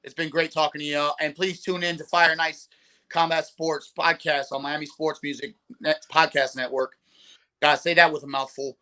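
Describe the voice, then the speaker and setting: A man's voice: a little high, level tone, moderate pace, bright, forceful tone. A man guesting on a sports podcast, talking in a friendly casual way. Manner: friendly, calls people brother.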